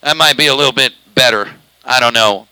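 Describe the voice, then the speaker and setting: A home-based CB radio operator streams live, drawling loosely and claiming he eats the microphone, which he's right up on. His medium-pitched voice is smooth yet pushed and bright, and he speaks fairly quickly. The recording is dry and rough.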